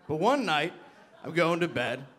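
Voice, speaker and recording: A man doing stand-up comedy, telling an animated story that builds to frantic shouting. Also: a little high, unhurried.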